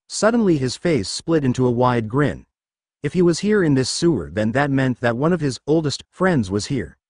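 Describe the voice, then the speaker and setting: A man narrating a fan fiction story in an expressive storytelling manner. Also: medium pitch, no room sound, studio quality.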